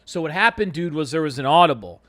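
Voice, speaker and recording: Chatty higher-voiced man telling a story. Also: lively intonation, quick pace, sharp tone. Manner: rambling anecdotal, swears casually, acts out quotes. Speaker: podcast co-host. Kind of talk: casual storytelling chat.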